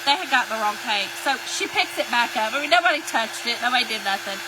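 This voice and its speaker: A woman's voice: fairly high pitch, expressive, quick pace. A woman, telling a folksy story in a chatty way while she crafts and greets viewers during a live stream. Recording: hair dryer noise in background.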